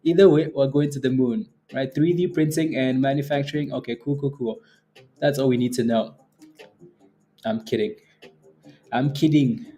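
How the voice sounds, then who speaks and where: A man's voice: medium pitch, fairly even intonation, fairly quick, mellow. A man hosting a live day trading stream, chatting casually, joking and laughing often as he reads out viewer comments. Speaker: day trading livestream host. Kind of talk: casual livestream chat.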